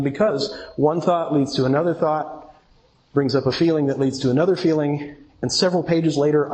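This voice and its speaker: A man's voice: mid-range voice, a little mellow, a little hiss or hum, low-quality recording. A middle-aged man giving an earnest recovery talk to a meeting audience and asking them questions. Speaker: twelve-step speaker.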